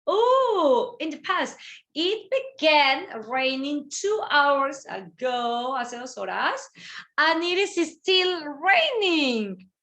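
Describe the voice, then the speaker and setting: A woman teaching English grammar in an online class. She moves between English and Spanish, explains patiently and repeats key phrases with lively emphasis. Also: sits high, slow pace. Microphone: video call.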